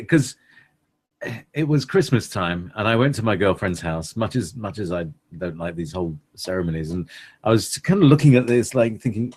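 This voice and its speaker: A man cohosting a relaxed conversation, talking in long, meandering stretches full of hesitations. His pitch moves a lot, and his voice carries a slight husk. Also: moderate pace, breathy edge. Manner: rambling, hesitant, laughs often. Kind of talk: casual chat.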